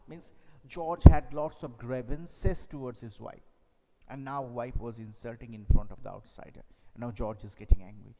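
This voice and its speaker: A man's voice: medium pitch, fairly even intonation, normal speed, crowd noise. A man teaching a class, explaining a play by repeating and paraphrasing its lines. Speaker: English teacher. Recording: echoey hall, faint noise.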